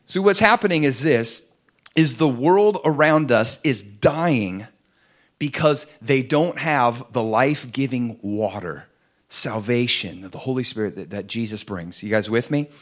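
A man preaching a sermon to a congregation, fervent and animated, dropping at times to soft, intimate tones. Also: medium pitch, unhurried. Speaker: pastor.

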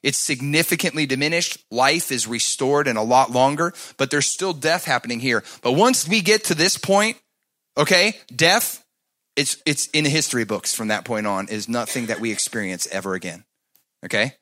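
A man preaching a sermon, moving from loud, emphatic passages to soft, hushed asides and asking the congregation to answer back. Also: mid-range voice, lively intonation, normal speed. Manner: talks to the congregation, asks them to answer back. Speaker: pastor.

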